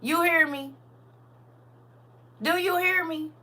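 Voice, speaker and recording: A woman with a high, sharply bright voice chats through a casual livestream, reading viewer comments aloud. She is animated and colloquial, laughs often, and speaks straight to her viewers with church-style encouragement. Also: takes it slowly. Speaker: livestream host.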